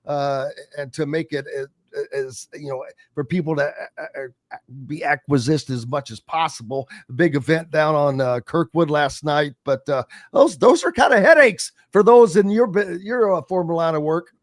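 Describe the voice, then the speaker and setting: A man hosting a casual sports radio talk show, speaking haltingly with many fillers. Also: a little high, no room sound, clean studio sound. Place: radio studio.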